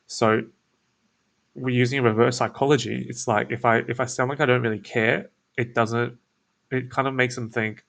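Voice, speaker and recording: A man's voice: medium pitch, steady tone, moderate pace, vocal fry, fairly bright tone. A man hosting his own show, explaining a sales script in a casual screen-share walkthrough, laid back and full of restarts and fillers. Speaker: SEO business owner and show host.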